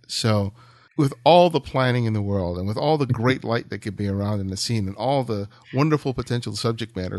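A man's voice: mid-range voice, no room sound. A man hosting a podcast interview, asking questions in a conversational, empathetic way with frequent repeated words.

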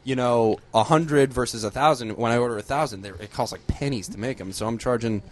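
A man's voice: medium pitch, fairly quick, a little hiss or hum, lightly acted. A man playing a boastful businessman who rambles about his cheap skateboards in improvised comedy. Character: smug skateboard-selling businessman.

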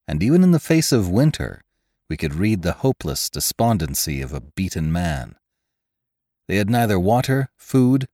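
Deep, slow male storyteller. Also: dry recording, studio quality. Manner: measured, expressive storytelling. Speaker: podcast narrator. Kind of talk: scripted audiobook narration.

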